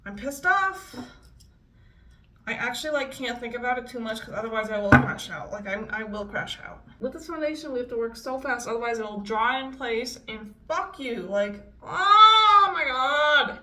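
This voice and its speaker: A woman's voice: fairly high pitch, moderate pace, pushed and bright, recorded from a distance, a little hiss or hum. A young woman doing a casual makeup vlog, talking frankly and swearing often with frustrated outbursts. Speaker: beauty vlogger.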